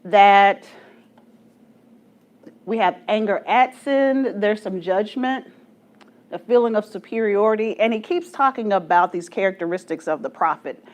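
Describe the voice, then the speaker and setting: With a measured pace and medium pitch, a Texas woman in her forties leads a church study group through stories, laughing often at her own self-mocking jokes.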